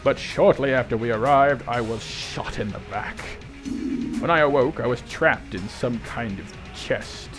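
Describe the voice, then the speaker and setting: A man's voice: medium pitch, a little slow, a bit bright, close to an everyday voice. A man voicing a resentful, disgraced old male knight in a video game, with a lofty, theatrical delivery. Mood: bitter. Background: game music.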